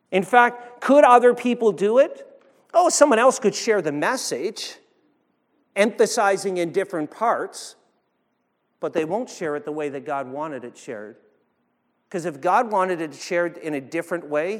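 A man preaching a sermon as pastor, swinging between loud emphatic peaks and hushed low passages, with frequent restarts. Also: in a large hall.

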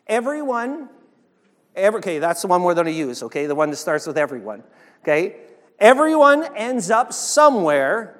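A man preaching a sermon as pastor, swinging between loud emphatic peaks and hushed low passages, with frequent restarts. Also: long reverb tail.

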